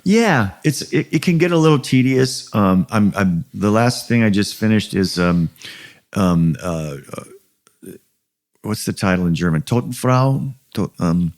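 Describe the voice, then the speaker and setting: A man's voice: lowish voice, animated, unhurried. A man in his sixties with an American accent, talking casually as an interview guest, rambling with many fillers and restarts. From USA. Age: 60s. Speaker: guest musician.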